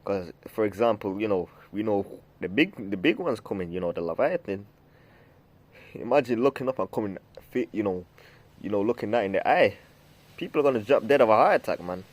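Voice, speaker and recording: Speaking quickly and with plenty of energy, this man has a fairly low voice. He gives casual scripture teaching in a meandering style, restarting sentences, leaning on fillers and saying "man" again and again.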